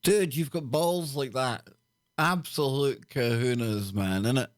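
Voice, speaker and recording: A man hosting a casual livestream chat, talking in an excitable, slangy way. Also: mid-range voice, a little slow, dry recording, clean studio sound. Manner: excitable, loud laughs, slang-heavy. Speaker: host.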